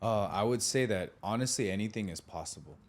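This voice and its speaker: A man in his thirties casually telling a childhood story as the podcast host, animated, acting out voices and laughing often. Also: fairly low pitch, brisk.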